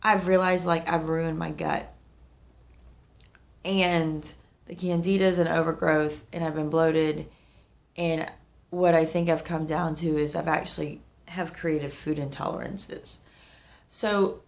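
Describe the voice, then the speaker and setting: A woman's voice: low-pitched, flat delivery, measured pace, vocal fry. A woman in her thirties, sniffling and under the weather, chatting candidly to camera in a rambling vlog. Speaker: vlogger. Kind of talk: casual talk to camera.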